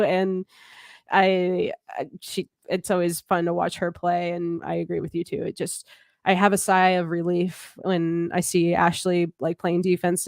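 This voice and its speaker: A woman's voice: fairly low pitch, dry recording, studio quality. Gushing young woman sports co-host. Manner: enthusiastic, gushing, full of fillers like "like" and "y'all". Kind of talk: casual sports recap chat.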